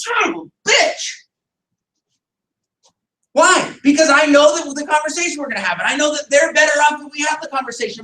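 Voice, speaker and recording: A man with a very high, bright and forceful voice leads a team meeting in an echoey room, heard from some distance away. He pushes his points hard, asks rhetorical questions and answers them himself, and now and then raises his voice. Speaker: business team leader. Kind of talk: motivational team meeting talk.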